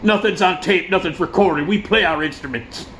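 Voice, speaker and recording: Gushing, tearful male rock frontman, a bit higher than the speaker's own voice, as a man spoofs him. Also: moderate pace, fairly bright tone, a little hiss or hum. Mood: mock-tearful. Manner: mock-tearful, overwrought banter.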